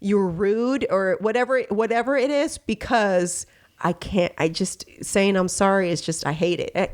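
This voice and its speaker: A woman's voice: medium pitch, moderate pace. A woman hosting a podcast, talking candidly and casually with lots of filler phrases, acting out bits of dialogue as she goes. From Texas. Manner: slips into quoted dialogue voices. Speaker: podcast host. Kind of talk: casual chat.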